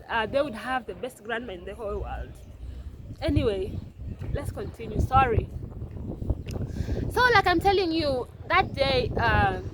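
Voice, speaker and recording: A young Kenyan woman telling an emotional personal story, often repeating her words. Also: sits high. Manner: emotional, repetitive, circling back. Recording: noisy background with passing vehicles.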